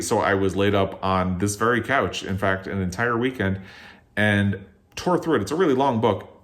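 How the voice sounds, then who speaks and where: Low-voiced man ranting about books. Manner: ranting, exasperated and emphatic. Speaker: book reviewer and channel host. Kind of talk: casual opinionated book review. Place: at home on a couch.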